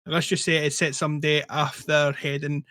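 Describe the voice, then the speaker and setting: A man's voice: fairly high pitch, level tone, brisk, pushed and bright, no echo, studio quality. A young Scottish man co-hosting a casual podcast, wry and teasing. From Scotland. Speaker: podcast co-host. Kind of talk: casual chat.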